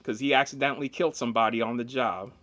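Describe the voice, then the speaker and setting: Speaking rapid-fire at a medium pitch, a male podcast co-host shares animated, swear-filled stories in a casual conversation, acting out each person he quotes.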